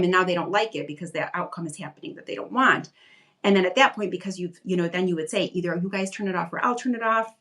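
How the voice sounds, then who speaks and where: Fielding parenting questions during a relaxed live Q&A video stream, this woman sounds reassuring and chatty, her speech sprinkled with frequent "like"s. She talks fast in a lowish, slightly bright voice.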